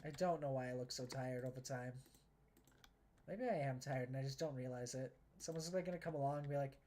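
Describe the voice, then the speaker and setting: A woman's voice: a bass voice, fairly quick, dark tone. A woman streaming a game, chatting casually and rambling with self-deprecating, sweary humor. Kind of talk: casual gameplay commentary.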